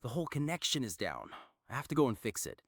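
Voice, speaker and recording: An actor playing a calm adult man in a video game who talks plainly through fixing a broken connection. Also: mid-range voice, fast talker, creaky, no echo, studio quality, heavily acted. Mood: matter-of-fact. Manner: plain matter-of-fact narration of tasks. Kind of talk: video game character voice lines.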